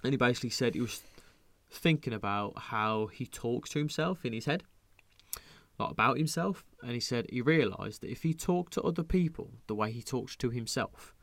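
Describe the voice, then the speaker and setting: A man's voice: medium pitch, lively intonation, normal speed, gravelly, fairly bright tone, no room sound. Sweary man chatting on a podcast. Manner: swears a lot, rambling, acts out quoted lines. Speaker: podcast host. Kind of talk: casual podcast chat.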